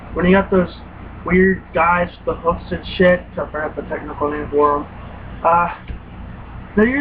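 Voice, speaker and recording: A high-voiced young man tells rambling, profane stories, acting out his own startled reactions. The sound is thin and phone-like, with a faint hiss behind it. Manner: profane, animated retelling with quoted reactions. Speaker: gaming vlogger. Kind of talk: casual rambling story.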